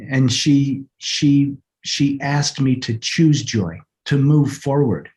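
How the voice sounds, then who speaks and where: A man's voice: medium pitch, slow pace, a little mellow. Earnest man telling a heartfelt story. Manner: heartfelt, repeats words as he restarts sentences. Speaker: interview guest.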